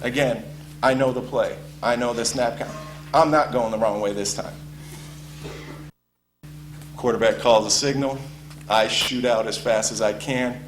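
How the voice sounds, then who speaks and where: Guy spinning a football yarn, lots of ums, mid pitch, echoey room with a soft hum. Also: fairly even intonation, unhurried, pauses often, faint music behind. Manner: casual storytelling with frequent ums and uhs. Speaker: former college football player telling a story. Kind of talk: spoken anecdote to an audience.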